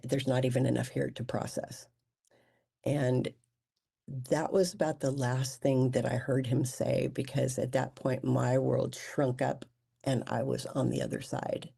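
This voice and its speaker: A guest shares a near-death experience as personal testimony. The voice is gravelly and husky with a mellow, dark tone. The telling is halting, full of restarts and stammers. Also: medium pitch.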